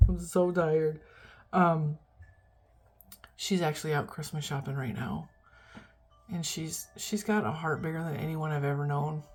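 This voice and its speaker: A woman's voice: sits low, fairly even intonation, measured pace, pauses often. A middle-aged woman vlogging in a rambling, chatty, self-deprecating way, tired and yawning as she talks. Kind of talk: casual chat.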